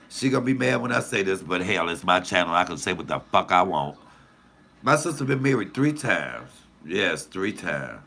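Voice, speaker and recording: Comedian host, male, gravelly and bright, cussing freely as he tells stories to camera. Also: on the low side, a little hiss or hum. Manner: profane, animated, confiding. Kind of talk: casual storytelling to camera.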